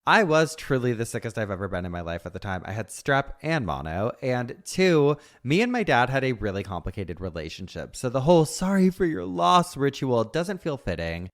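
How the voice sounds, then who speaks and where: Playful guy cohosting a podcast, really animated voice, teasing and laughing a lot. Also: mid-range voice, normal speed, hardly any pauses. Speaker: podcast co-host. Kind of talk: casual podcast chat, reading a listener post.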